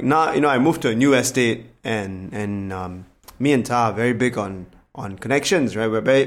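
A man in a casual podcast chat, talking animatedly, swearing often and acting out other people's voices. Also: medium pitch.

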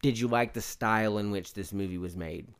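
A man with a fairly low, smooth voice riffs through a casual movie review, loose and enthusiastic and quick to swear. He sounds relaxed and animated, like a podcast co-host talking with a friend.

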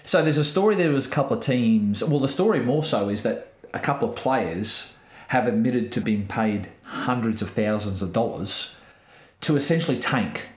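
A man's voice: mid-range voice, lively intonation, moderate pace, reverberant. A man co-hosting a casual podcast, easygoing and explaining at length. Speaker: co-host.

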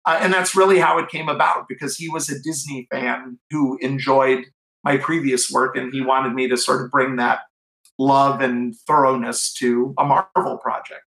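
A man's voice: mid-range voice, fairly even intonation, moderate pace, vocal fry, fairly bright tone, roomy sound, rough recording. A middle-aged man from Cleveland, telling enthusiastic stories as an author in an interview, with lots of restarts and fillers. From Cleveland, USA. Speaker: author and guest. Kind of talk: anecdotal interview storytelling.

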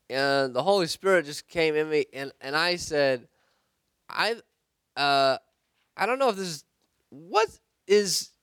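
A man leading a church group discussion, telling a story in an earnest, halting way with restarts. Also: fairly high pitch, fairly bright tone, clear, resonant tone, dry recording.

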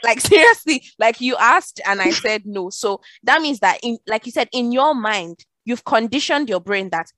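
Young woman, casual chat, reflective, fairly high voice, dry close sound. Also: expressive, normal speed, hardly any pauses, a bit bright, no room sound. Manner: frequent agreeing interjections, reflective explaining.

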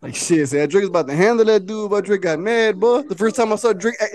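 A man hosting a podcast, telling a story in animated, profane casual chat. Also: sits high, brisk. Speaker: podcast host.

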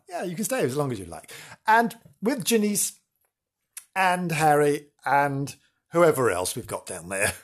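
A man's voice: a little high, sing-song, normal speed. A man hosting a podcast who closes the episode with chatty, teasing, self-mocking remarks. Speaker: podcast host. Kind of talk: casual podcast sign-off.

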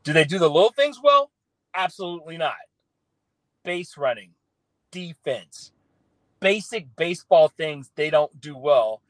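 A man's voice: on the high side, unhurried, long pauses, no echo, low-quality recording. Opinionated southern man on sports talk. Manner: opinionated, animated, restarts phrases. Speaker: sports radio guest.

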